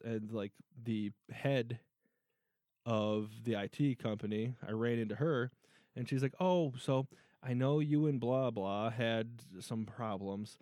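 A man's voice: mid-range voice, a little mellow, no echo, clean studio sound. A man co-hosting a podcast, telling a story in casual chat, swearing and laughing as he goes. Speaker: podcast co-host.

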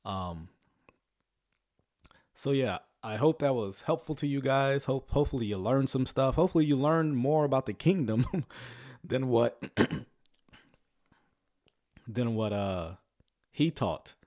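A man giving casual livestream commentary on a sermon, sarcastic and rambling, often chuckling and filling pauses with "um.". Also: mid-range voice, expressive, darkish tone. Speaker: online commentator reacting to a sermon.

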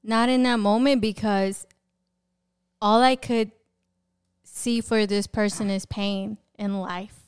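A woman's voice: mid-range voice, steady tone, slow, pauses often, clean tone. A woman guest giving a candid personal faith testimony, telling her story with many "you know"s.

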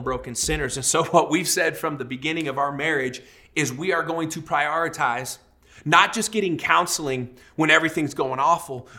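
Bright-voiced man preaching a sermon. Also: on the high side. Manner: storytelling, animated, acts out quoted voices. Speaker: pastor.

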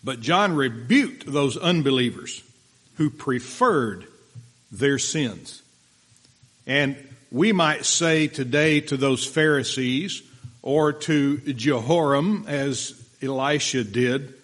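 A man preaching a sermon, reading scripture and explaining it in a slow, deliberate way, pausing for listeners taking notes. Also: mid-range voice, lively intonation, fairly bright tone.

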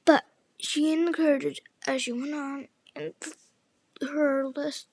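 A woman reading a storybook aloud in a halting way, with frequent restarts and slips. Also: high voice, steady tone, dry recording. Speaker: storybook reader.

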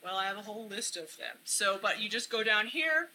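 A woman's voice: mid-range voice, expressive, a little fast, sharp tone, a little hiss or hum, low-quality recording. A woman giving an earnest church talk, often repeating phrases for emphasis. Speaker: church speaker. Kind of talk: casual teaching talk.

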